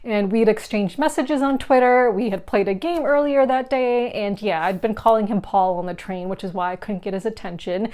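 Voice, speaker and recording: A young woman telling a funny story to camera, chatty and quick to laugh, with many fillers. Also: medium pitch, darkish tone. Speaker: board game vlogger.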